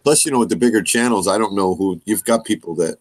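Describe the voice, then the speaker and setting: Man, stream guest, lowish voice, laid-back joking chat. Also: quick pace, no echo. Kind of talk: casual group chat.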